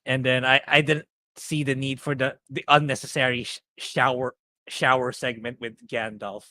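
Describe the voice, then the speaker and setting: A man co-hosting a podcast, with a voice of middling pitch. He stammers and restarts as he talks and slips into giggles. The sound is dry and close-miked. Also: level tone, moderate pace, bright, forceful tone, no room sound. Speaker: podcast co-host. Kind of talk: casual chat.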